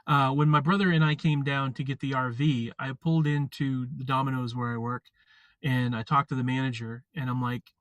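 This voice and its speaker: A man's voice: medium pitch, level tone, no room sound, dull audio. Rambling man chatting on a live stream. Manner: rambling, halting, many fillers and restarts. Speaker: vlogger. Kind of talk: casual live chat.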